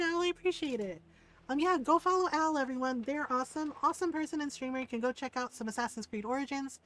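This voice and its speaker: Chatty woman streamer, slightly high voice. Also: a little fast. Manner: animated storyteller, tags sentences with "right?"; warm greetings to viewers by name. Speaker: variety streamer. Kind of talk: casual chat with live viewers.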